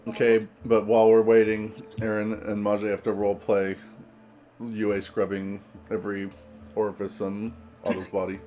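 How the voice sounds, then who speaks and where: A man with a slightly low voice throws crude jokes into a tabletop game session. He talks in casual, joking banter. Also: monotone, moderate pace, mellow, faint music behind. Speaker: player.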